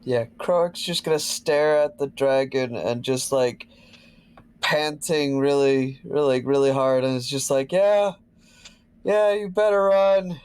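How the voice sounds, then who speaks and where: A man playing in an online tabletop game, chatting in a relaxed, playful way. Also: mid-range voice, a little slow, clean tone. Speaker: player. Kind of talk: casual game chat.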